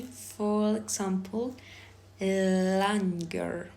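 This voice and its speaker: A woman with Spanish as her first language, slowly sounding out each phoneme and then giving a sample word, as a pronunciation teacher. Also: mid-range voice, steady tone. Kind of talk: slow, deliberate pronunciation drill.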